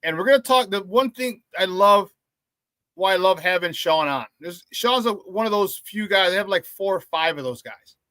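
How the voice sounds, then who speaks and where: A male morning sports radio host talking in a loose, hyped-up, slangy way. His voice is fairly high and bright. He is recorded in a dry studio close to the mic. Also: normal speed, dry recording. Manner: energetic, slangy hype. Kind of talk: casual morning sports talk.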